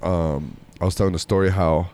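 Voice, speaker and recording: A man's voice: sits low, steady tone, moderate pace, darkish tone. A man casually telling a long story among friends, rambling with many fillers and restarts.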